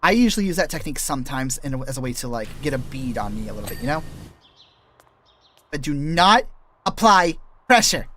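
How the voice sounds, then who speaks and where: A man's voice: medium pitch, very animated, brisk, long pauses, pushed and bright. A male streamer rambling casually while he plays, trailing off and restarting often. He explains voice-acting tricks like a laid-back teacher, and his throat sounds dry and scratchy. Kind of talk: rambling gameplay stream chat.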